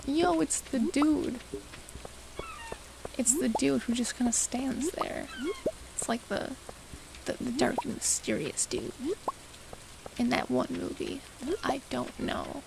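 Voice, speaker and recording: A young woman with a high, gravelly voice rambles through relaxed gameplay commentary at an unhurried pace. She mutters and jokes at herself as she plays, with a steady hiss of noise behind her. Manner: rambling, self-mocking chatter to herself. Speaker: gaming streamer. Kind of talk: casual let's-play commentary.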